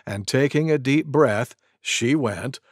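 A man reading a picture book aloud to young children and introducing the next segment, playful and expressive. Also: medium pitch, slow, slightly rough, no room sound, studio quality. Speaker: storybook reader and host. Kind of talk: children's story narration.

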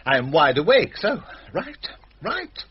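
An actor playing a middle-aged village doctor, dry and sardonic, irritated at being called out at night. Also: male voice, fairly high pitch, very animated, unhurried, husky, muffled recording, exaggerated voice. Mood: weary.

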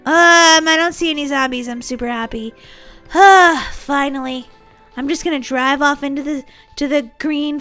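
A woman with a very high, bright voice chatters through a game with bubbly, silly let's-play commentary and frequent giggles. Faint game music plays behind her. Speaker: gaming channel host.

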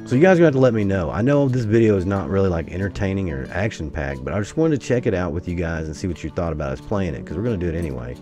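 Man, American, deep voice, lively swings in pitch, casual rambling game commentary, faint guitar music behind. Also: racing, few pauses. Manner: rambling, exclamatory, swings between excited and grumbling. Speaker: gaming YouTuber.

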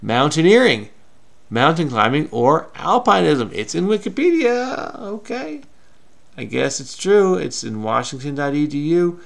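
A man's voice: fairly high pitch, big pitch swings, a little slow, creaky. A man hosting a crossword-solving video, talking frenetically and muttering to himself as he searches. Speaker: crossword solver. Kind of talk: casual puzzle-solving commentary.

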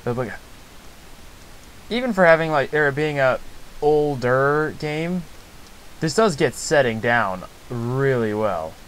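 A man's voice: mid-range voice, expressive, takes it slowly, long pauses, fairly bright tone, a little hiss or hum, rough recording. A man giving nervous, rambling commentary while playing a video game. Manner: jumpy, rambling, with restarts. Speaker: let's play host. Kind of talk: gameplay commentary.

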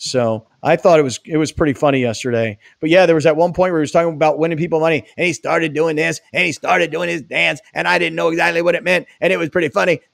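A male talk show host with a somewhat higher voice, talking in an animated, storytelling way. He slips into quick impressions of other people. The sound comes through a video call. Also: gravelly. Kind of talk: casual chat.

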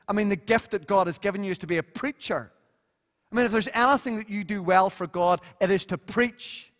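Northern Irish preacher in reverberant church. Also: male voice, fairly high pitch. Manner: animated, swings from loud to hushed and earnest. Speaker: pastor. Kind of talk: sermon.

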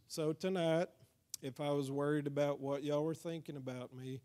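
Warm-voiced Texan man preaching. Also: on the high side, fairly even intonation, normal speed. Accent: Texas. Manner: conversational preaching, often asks the crowd "amen?". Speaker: evangelist trainer. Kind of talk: evangelism training talk to a congregation. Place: church hall.

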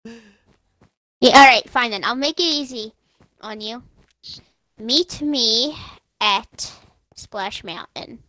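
A teenage girl chatting playfully during a game, putting on a squeaky childlike voice. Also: slow pace, long pauses, no echo, poor audio. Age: teens. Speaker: gamer. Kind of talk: casual gameplay chat. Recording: loud game music behind. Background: loud game music.

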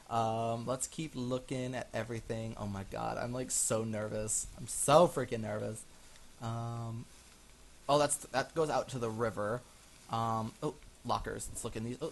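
A man's voice: mid-range voice, a little hiss or hum. A man narrating a survival game as he plays, easily frightened, gasping and exclaiming while he chats to his viewers. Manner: chatty, talking to viewers as he plays. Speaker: gaming channel host. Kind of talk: let's-play commentary.

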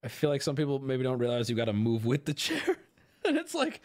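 A man's voice: medium pitch, huge pitch swings, a little fast, very noisy. A man joking bluntly as he reacts to a dating show on a live stream, rambling with crude asides into a desk microphone. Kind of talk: casual live-stream commentary.

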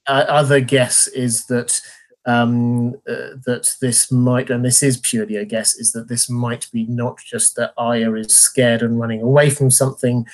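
A man hosting a live stream Q&A, rambling with many fillers and a self-deprecating tone. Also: mid-range voice. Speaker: host.

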